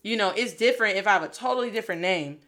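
A woman's voice: mid-range voice, racing, a bit bright. A woman coaching learners in a casual video lesson, encouraging and dropping Spanish phrases into her English.

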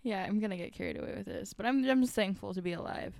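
A woman's voice: medium pitch, quick pace, gravelly, a little mellow, no room sound. A young woman from Colorado co-hosting a podcast in casual, chatty talk, laughing and swearing freely. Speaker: podcast co-host. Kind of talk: casual chat.

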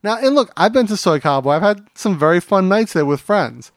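A man's voice: high-pitched, lively intonation, brisk, dry recording, studio quality. A man co-hosting a podcast, chatting casually and telling stories with plenty of fillers. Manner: chatty storyteller, many fillers. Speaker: podcast co-host.

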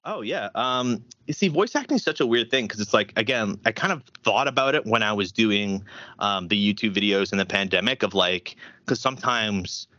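Man, podcast guest, lively rambling chat, dry dull lo-fi sound. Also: lowish voice, normal speed, no echo. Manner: animated, rambling with fillers. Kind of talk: casual interview chat.

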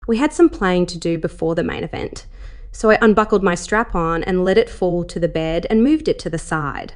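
A woman narrating a first-person adult story in a slow, sultry reading. Her voice sits on the low side of the usual range for women. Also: darkish tone.

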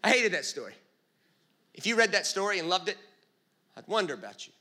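Animated, bright-voiced comedic preacher. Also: male voice, sits high. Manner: animated storyteller, jokey, quick asides. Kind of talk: comedic sermon.

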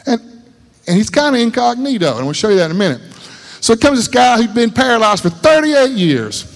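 Man, preacher, folksy sermon, animated, fairly high voice. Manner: folksy, animated, repeats himself for emphasis. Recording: reverberant hall.

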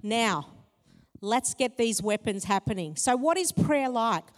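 A woman preaching a sermon, telling personal stories in a lively, expressive way that climbs in pitch when excited. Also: a little slow. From Italian heritage. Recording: long hall reverb.

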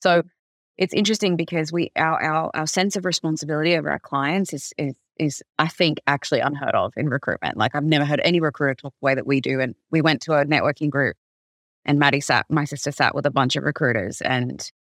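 A woman recruitment firm founder talking through stories in an animated, conversational way, with plenty of "like". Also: low-pitched, a little fast, dry recording, studio quality. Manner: animated storyteller, heavy use of "like". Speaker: recruitment company founder, guest. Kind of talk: conversational podcast interview.

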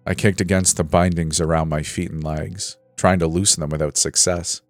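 A man with a very low, deep voice narrates a horror story in a slow, measured way. The voice is close and dry, with faint music playing underneath. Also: fairly even intonation, no room sound. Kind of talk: scripted narration.

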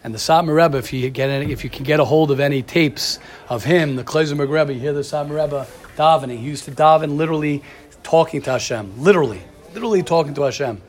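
Brief: male class teacher, animated storyteller, slightly high voice, casual lecture delivery. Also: a little fast, slight background noise. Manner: animated storyteller, addresses students by name. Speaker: teacher of a religious study class.

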